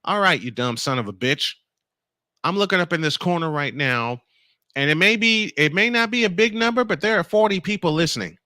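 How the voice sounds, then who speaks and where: A male morning-show host in a heated on-air rant, speaking straight to a critic and hammering his points through repetition. His voice sits a bit high and sounds bright and sharp. It swings widely in pitch, and the sound is dry and close. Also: expressive, fairly quick, no echo. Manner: confrontational, addresses a critic directly and reads comments aloud; emphatic, repeats phrases for effect.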